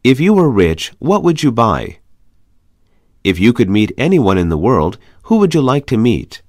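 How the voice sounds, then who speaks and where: A man reading English conversation practice questions aloud in a measured, even way. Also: medium pitch, no echo, studio quality. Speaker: English lesson reader.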